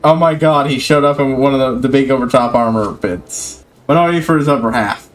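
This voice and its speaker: A man's voice: medium pitch, a little fast, soft background music. A man streaming a video game, chatting casually, swearing freely and reading quest text aloud. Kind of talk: casual gameplay commentary.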